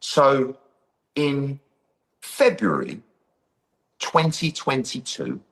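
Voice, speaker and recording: A man's voice: medium pitch, very slow, gravelly. A middle-aged man, a boxing promoter, telling a story in an interview and acting out the dialogue. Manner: animated, acts out quoted dialogue, says "blah, blah, blah".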